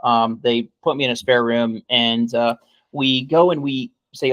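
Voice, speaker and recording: A man's voice: medium pitch, fairly even intonation, measured pace, no room sound, dull audio. A man co-hosting a podcast, telling a long, rambling story full of swearing and asides like "okay?". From United States. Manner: rambling, swears freely, keeps adding "okay?". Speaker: podcast co-host. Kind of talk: casual storytelling chat.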